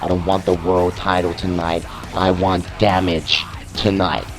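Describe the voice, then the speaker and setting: A man's voice: low voice, level tone, a little slow, over music. Hot-headed demanding wrestler, read by a British man. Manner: demanding, forceful.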